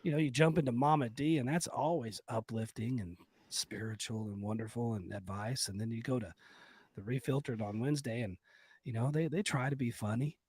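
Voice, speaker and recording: A man's voice: mid-range voice, fairly quick, a little mellow, husky, no room sound. A man co-hosting a comedy podcast, rambling with crude jokes and lots of fillers. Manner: vulgar, joking, rambling with fillers. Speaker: podcast co-host.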